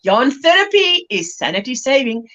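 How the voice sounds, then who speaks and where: A woman's voice: high-pitched, very animated, normal speed, fairly bright tone. A South African woman hosting a crochet livestream, chatting casually and laughing often as she reads viewer comments aloud. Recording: lo-fi livestream audio.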